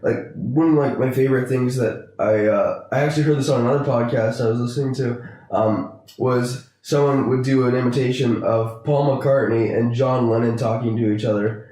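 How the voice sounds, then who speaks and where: A young man co-hosting a casual podcast chat, animated and prone to slipping into silly voices and impressions. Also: medium pitch, normal speed. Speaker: podcast co-host. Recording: echoey room, far from mic.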